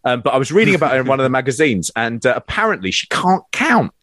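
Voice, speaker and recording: A man co-hosting a comedy podcast, joking and riffing. His voice swings widely in pitch. The sound is dry and close. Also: big pitch swings, fast talker, fairly bright tone, no room sound. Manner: playful, jokey, slips into mock voices. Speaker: podcast co-host.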